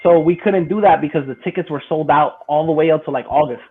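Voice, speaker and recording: A man hosting a podcast, telling a story in casual chat, animated and profane, laughing as he goes. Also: fairly high pitch, quick pace, slight background noise. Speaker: podcast host. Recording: tinny phone-like sound.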